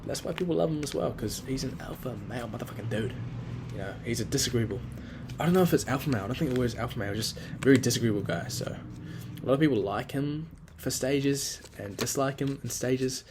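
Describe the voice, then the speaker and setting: A man's voice: medium pitch, fast talker, background noise. A young man in a casual spoken journal, rambling crudely and criticizing himself while planning his day. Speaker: vlogger.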